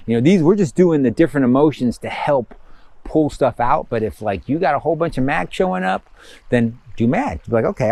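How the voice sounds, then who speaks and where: A man's voice: mid-range voice, darkish tone. A man teaching a spiritual course in a casual, rambling way, acting out inner thoughts in quotes with lots of fillers. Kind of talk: casual spoken lesson.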